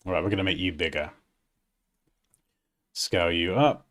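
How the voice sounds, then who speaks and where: A man's voice: sits low, moderate pace, fairly bright tone. A man hosting a design livestream, chatting casually as he works and laughing often at himself.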